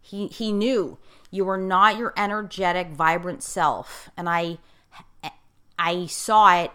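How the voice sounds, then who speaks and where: A woman's voice: medium pitch, measured pace, a bit bright. A woman life coach in casual conversation, speaking emphatically and repeating key phrases for stress. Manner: self-described outspoken, in-your-face talker.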